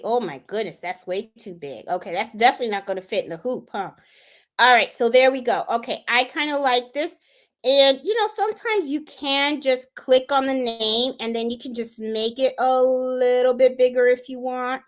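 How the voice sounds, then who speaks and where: A woman hosting a live embroidery tutorial, chatting casually and thinking aloud as she clicks through design software. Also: a little high. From Puerto Rico. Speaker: sewing and embroidery channel host.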